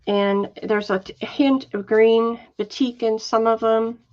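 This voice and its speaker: A woman hosting a casual live sale, chatting slowly and softly with many fillers and reading out viewer comments. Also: on the high side, fairly even intonation. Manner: chatty, warm-hearted, reads viewer comments aloud; slow, soft-spoken, with frequent fillers. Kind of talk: casual live selling chat. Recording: dull lo-fi livestream audio.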